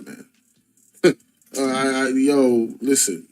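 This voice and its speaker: A man's voice: medium pitch, animated, slow pace, long pauses, darkish tone, low-quality recording. A man hosting a news reaction show. He rants emphatically, circling back over his points again and again, fed up and blunt. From Jamaica. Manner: angry, repetitive, emphatic ranting. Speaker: host. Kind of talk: commentary reacting to news clips.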